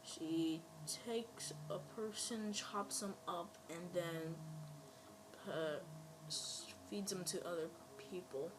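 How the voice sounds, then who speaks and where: A woman's voice: fairly low pitch, slow pace, background noise. A woman giving casual let's-play commentary, rambling playfully and talking at other players. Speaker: gameplay commentator.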